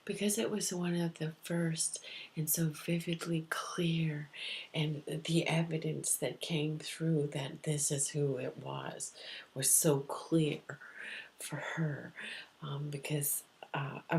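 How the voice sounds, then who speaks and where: A woman telling a personal story softly and often near a whisper, repeating her phrases. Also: low voice, level tone, slow pace. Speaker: psychic medium.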